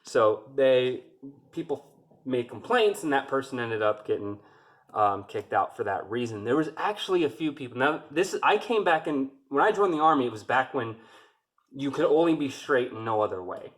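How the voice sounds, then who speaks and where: A man recounts an army memory in a relaxed, casual storytelling voice. He rambles, restarts his sentences, and swears freely. His voice sits at a typical pitch for a man. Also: moderate pace. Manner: rambling and profane, with many restarts.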